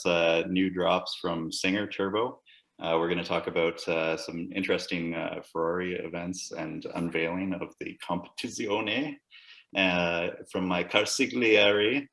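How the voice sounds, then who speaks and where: A man's voice: low voice, steady tone, normal speed, gravelly, fairly bright tone. A man hosting a casual podcast, joking crudely and swearing freely. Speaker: podcast host. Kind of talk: casual chat. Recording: roomy echo.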